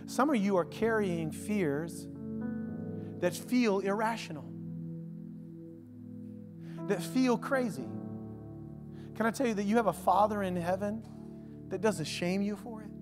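High-voiced preacher in echoing hall. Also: male voice, expressive, takes it slowly, pauses often. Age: adult father of a young son. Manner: conversational preaching, swinging from loud to hushed. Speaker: pastor. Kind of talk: sermon. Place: church sanctuary. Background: soft instrumental music.

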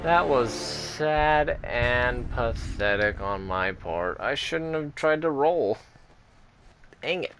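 A man giving let's play commentary, trash-talking the screen in a playful way over loud game music. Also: mid-range voice, animated, slow. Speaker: gamer.

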